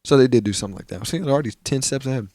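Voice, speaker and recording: This young co-host fires off words rapidly at medium pitch, recounting scenes on a casual podcast with heavy slang and cursing and playing out the quoted characters. The recording is clean, echo-free studio audio.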